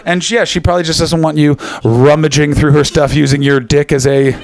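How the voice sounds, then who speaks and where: A man doing live stand-up at a comedy venue on a stage mic, ranting fast and profanely and chatting with the crowd. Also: a little high, creaky, noisy background. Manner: rapid, profane, animated ranting. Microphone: stage microphone.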